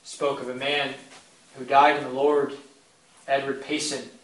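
A man's voice: mid-range voice, flat delivery, measured pace. A man preaching a sermon with impassioned, repetitive phrasing that swells in emphasis. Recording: echoey room, mic at a distance.

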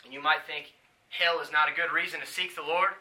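A man preaching a sermon, swinging from hushed pleading to loud shouting. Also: on the high side, steady tone, brisk.

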